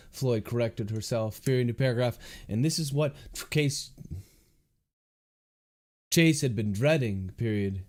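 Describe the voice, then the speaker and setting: A man's voice: medium pitch, a little slow, long pauses, a little mellow. An author reading his novel aloud on a livestream, speaking each comma and period as he dictates. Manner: reads out punctuation marks word by word.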